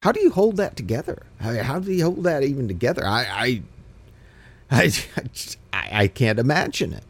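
A man teaching a Bible study, reading scripture aloud and commenting with emphatic repetitions and restarts. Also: on the low side.

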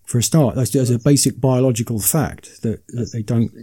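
A man's voice: medium pitch, normal speed, dark tone, husky. A man in casual podcast chat, stammering and repeating words as he goes.

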